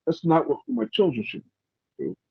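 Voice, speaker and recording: A man hosting a podcast, chatting casually in a rambling, halting way with many restarts. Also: fairly high pitch, huge pitch swings, creaky, husky, dry recording, highs cut off. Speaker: podcast host. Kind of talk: casual opinionated chat.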